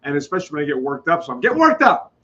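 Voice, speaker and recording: Argumentative high-voiced man with a cough. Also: very animated, very fast, fairly bright tone, muffled recording. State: seasonal cough. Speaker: co-host. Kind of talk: live podcast chat.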